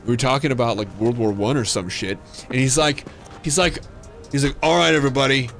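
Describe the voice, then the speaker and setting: Faint music sits under this livestream gamer host as he tells a casual story at a fairly quick pace in a medium-pitched voice. He swears without restraint and keeps stopping and restarting, padding his speech with fillers.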